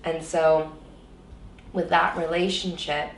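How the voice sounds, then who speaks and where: A woman's voice: low voice, flat delivery, slow pace, far from the mic, slight background noise. A woman guest in an interview, candidly telling a personal story with emotion and many fillers, in an echoey room set back from the mic.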